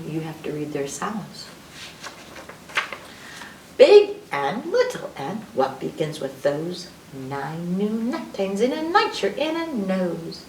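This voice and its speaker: A woman's voice: fairly low pitch, sing-song, a little slow, darkish tone, a little hiss or hum. A woman hosting a library storytime, reading a children's alphabet book and playfully acting out letter sounds. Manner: playful, sing-song phonics teaching with sound effects. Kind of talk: children's read-aloud lesson. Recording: echoey room, distant mic.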